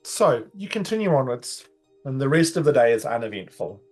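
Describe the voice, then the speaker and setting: A man's voice: mid-range voice, sing-song, normal speed, soft background music. A man acting as dungeon master, narrating and explaining rules with many restarts. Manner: hesitant, restarts with "like". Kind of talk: game master narration and rulings.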